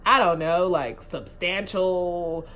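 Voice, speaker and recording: A woman's voice: on the low side, slow pace, fairly bright tone, soft background music. A woman vlogger telling a story to camera in a casual, chatty way. She speaks earnestly and emotionally, repeats herself, keeps asking "you know what I'm saying?", and builds to rousing encouragement.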